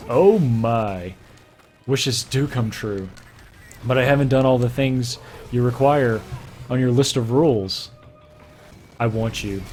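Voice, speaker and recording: A young man giving a theatrical, hushed and breathy reading of a romance novel over gameplay, often breaking into laughter. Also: medium pitch, slight background noise. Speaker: gaming streamer.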